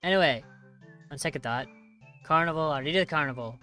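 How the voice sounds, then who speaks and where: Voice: medium pitch, quick pace, sharp tone, faint music behind. A gamer narrating a text horror game, reading its lines aloud, skimming with sarcastic asides and mock outrage at the choices. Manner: sarcastic, skims text with "blah, blah"; reads choices then reacts with mock outrage. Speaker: video game player.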